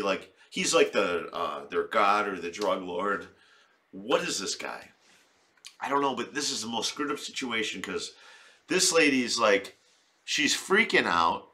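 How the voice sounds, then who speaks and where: A man's voice: mid-range voice, sharp tone. A man doing comic reaction commentary in a crude, rambling, profane way. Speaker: video commentator.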